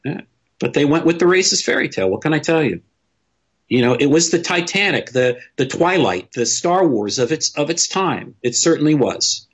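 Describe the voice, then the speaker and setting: A man's voice: on the high side, lively intonation, moderate pace, breathy edge, lo-fi sound. A man talking in a casual podcast discussion, opinionated and blunt, swearing freely and restarting his sentences often.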